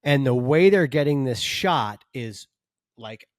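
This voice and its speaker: A man's voice: medium pitch, takes it slowly, no echo. A male stunt performer co-hosting a chat podcast, dropping into voices for each person in his stories and cursing casually. His voice sits in an ordinary middle register. He is recorded dry and close, with no room sound. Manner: animated storyteller acting out quotes, swears freely.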